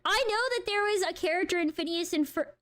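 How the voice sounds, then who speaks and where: A woman streamer giving casual live reaction commentary, excitable and slangy, laughing and exclaiming often. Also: very high voice, quick pace. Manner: slangy, says bro.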